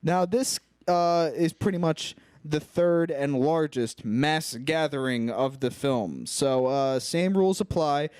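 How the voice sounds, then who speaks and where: Young man recapping a movie, smooth dry voice. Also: a little high, slow pace, hardly any pauses, a little mellow, no echo. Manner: rambling, acts out movie lines with laughs. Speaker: podcast co-host. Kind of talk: casual film recap chat.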